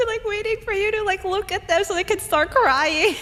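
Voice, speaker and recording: Giggly high-voiced woman streamer. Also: moderate pace, fairly bright tone, in a large hall. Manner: giggly, laughs often, rambling. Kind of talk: casual chat reading chat comments.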